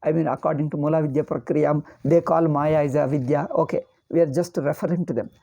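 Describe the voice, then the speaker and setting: A woman teaching Vedanta in a scripture commentary lecture, speaking. Her voice sits fairly low and sounds warm and mellow. She explains step by step, circles back over her phrases and often asks "okay?". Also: fairly even intonation, fairly quick, gravelly.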